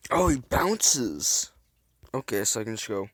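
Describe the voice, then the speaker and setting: This man narrates his gameplay casually and goofily, rambling, self-mocking and throwing in silly sound effects. His mid-range voice is very animated and slightly rough with a fairly bright tone, at a measured pace, and there's no room sound.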